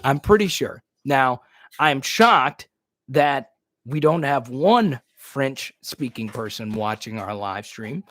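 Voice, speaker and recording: Man, live stream host, animated pitch, dry close sound, laughs often. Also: slow, no room sound. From New Roads, Louisiana. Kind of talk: casual live stream chat.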